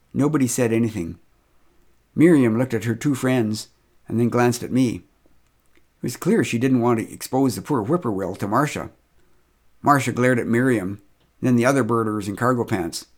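A man's voice: mid-range voice, moderate pace. A middle-aged man telling a humorous first-person story with wry, dry humor.

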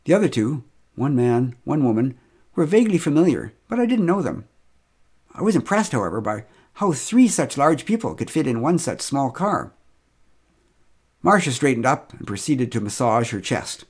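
A man's voice: medium pitch, sing-song, moderate pace, slightly rough. A middle-aged man telling a humorous first-person story with wry, dry humor.

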